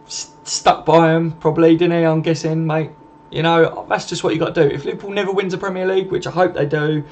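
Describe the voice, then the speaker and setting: A man's voice: a little high, a little mellow. Matey man chatting on a live stream. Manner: chatty and matey, swears freely, calls viewers mate. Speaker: live stream host reading viewer comments. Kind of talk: casual live stream chat. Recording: slightly muffled with faint background noise.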